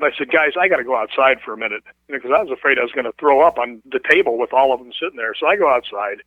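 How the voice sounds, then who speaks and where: A man casually telling a ghost story as a guest, animated and acting out the voices of the people in it. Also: mid-range voice, dry recording. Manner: animated, acts out quoted voices. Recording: tinny phone line.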